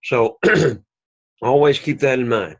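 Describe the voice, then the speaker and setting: A man teaching a Greek class, explaining slowly and patiently and repeating key words for emphasis. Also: medium pitch, muffled recording. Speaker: Greek instructor. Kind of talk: recorded class lecture.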